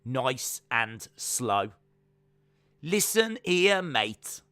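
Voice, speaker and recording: The voice of a gruff grown man from Birmingham, stretching every word out slowly with a strong Birmingham accent, as a man puts him on. The voice sits far higher than the speaker's own, with a bright, forceful edge. It sounds close and dry. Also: sing-song, no room sound, exaggerated voice. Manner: slow drawn-out words, gruff. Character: slow-talking gruff Birmingham wrestler man.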